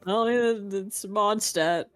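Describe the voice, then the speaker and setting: A woman's voice: medium pitch, slow pace, clean tone, no echo, faint music behind. A woman joining a game stream, joking and chatting casually. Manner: joking, playful. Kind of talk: casual gaming stream chat.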